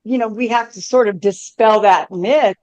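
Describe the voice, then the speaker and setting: A woman speaking earnestly on a casual podcast, laying out her point step by step. She chimes in often with quick agreement. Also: medium pitch, a little mellow, dull audio.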